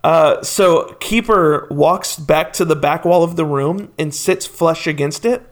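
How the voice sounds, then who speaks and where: Male game master, higher voice, slow descriptive narration.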